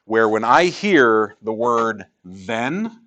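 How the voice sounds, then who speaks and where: A man's voice: on the low side, very animated, drawn-out words, pushed and bright, a little hiss or hum. A male math teacher teaching a class in a classroom, joking with students and asking rhetorical questions.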